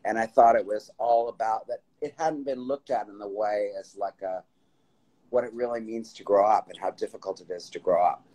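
Low, husky man telling stories. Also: normal speed, low-quality recording. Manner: warm storytelling, rambling with restarts. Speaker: writer and host of the stream. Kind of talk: casual chat on a live stream. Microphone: phone.

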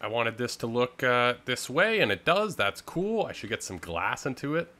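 A man's voice: medium pitch, big pitch swings, normal speed, sharp tone. A young man, rambling easily through casual game commentary with lots of filler words. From Canada. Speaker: gaming video host.

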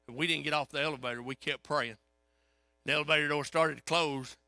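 A man preaching a sermon, telling a story in a folksy, animated way. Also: on the high side, a little fast, no room sound. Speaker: pastor.

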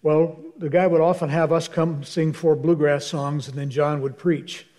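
Older male minister, dry storyteller, somewhat high, mellow tone. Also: fairly even intonation, normal speed. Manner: wry anecdotal storyteller, acts out dialogue. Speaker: guest speaker, minister. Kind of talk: storytelling in a church Q&A. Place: church hall.

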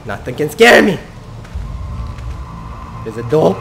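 A man's voice: a little high, sing-song, slow, gravelly, fairly bright tone, slight background noise. A young man playing a horror game, talking to himself and his viewers, jumpy and swearing. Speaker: gamer.

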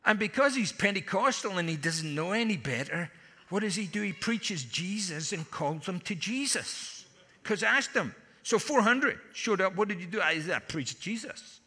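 A man's voice: high-pitched, expressive, moderate pace, pushed and bright, husky. A man preaching a conference sermon with humorous stories and punchy asides. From Scotland. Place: large conference hall. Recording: long hall reverb.

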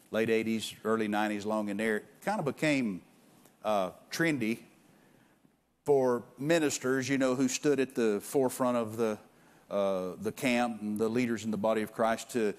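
Man preaching a casual, halting sermon. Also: lowish voice. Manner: conversational preaching with frequent restarts and repeated words; reads scripture aloud with emphasis. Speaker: guest pastor. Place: church sanctuary.

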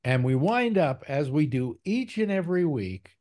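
A man's voice: on the high side, big pitch swings, a little mellow. A man hosting a casual panel show, chatting easily and stopping often to restart his sentences. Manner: easygoing, halting with many restarts. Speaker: show host. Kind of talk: casual chat with panel on a video call.

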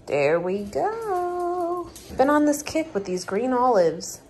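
A woman's voice: high-pitched, very animated, slow, darkish tone. A chatty woman vlogger who giggles often, talking casually through a taste test. She sounds distant from the mic in an echoey room with faint background noise. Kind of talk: casual chat.

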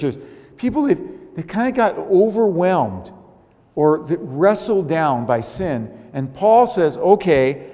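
A male pastor delivering a sermon with a fairly high voice. He talks in a loose, conversational way and slips into short acted-out reactions. His voice rings with the long reverb of a church sanctuary. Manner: conversational, animated, acts out little quoted reactions.

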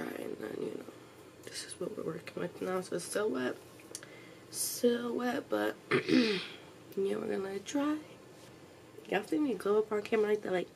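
Young woman, low fry-heavy voice, casual slangy vlogger with a loose mouth, faint hiss behind her. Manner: chatty, slangy, swears freely, talks to her pet. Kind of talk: casual chat to camera. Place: at home, indoors.

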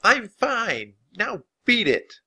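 A man voicing a spirited young girl adventurer in a storybook reading, eager and shouty. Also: high voice, expressive, measured pace, pitched above the performer's own voice, exaggerated voice. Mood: excited. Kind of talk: storybook character voice.

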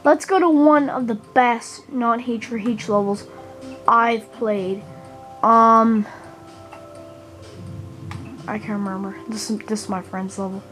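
A woman hosting a gaming channel, giving gameplay commentary in a halting, earnest way and often repeating words as she complains. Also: a little high, steady tone, fairly bright tone, soft background music.

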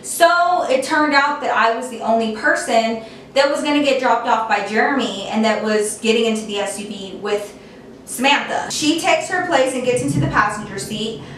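A young woman casually telling a storytime, chatty and animated, with lots of "like" fillers. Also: a little high, moderate pace, slight background noise. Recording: echoey room, voice a bit distant from mic.

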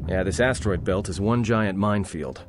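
An actor playing a sarcastic, roguish young prisoner in a video game, with a low, gruff voice and dry, cocky delivery. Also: male voice, moderate pace, lightly acted. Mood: sardonic. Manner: wry, cocky, dry jokes. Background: game music.

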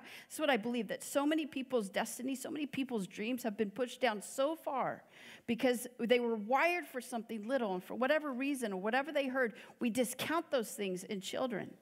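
A woman's voice: fairly high pitch, lively intonation, a little fast. A woman giving a sermon as a guest preacher, in an earnest, conversational way with many fillers. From United States. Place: church hall. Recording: long church hall reverb.

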